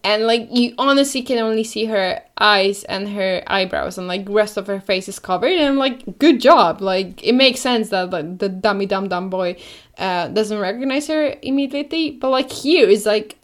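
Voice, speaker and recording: A woman's voice: mid-range voice, moderate pace. Sarcastic young woman podcast host. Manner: animated, sarcastic, breaks into mocking impressions. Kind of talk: casual chat.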